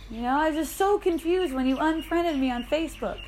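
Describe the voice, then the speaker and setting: A woman's voice: sits high, fairly quick, hardly any pauses, darkish tone. A woman leading an in-person spiritual dialogue, telling light anecdotes with frequent laughter and quoted voices. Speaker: spiritual teacher. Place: indoor gathering room.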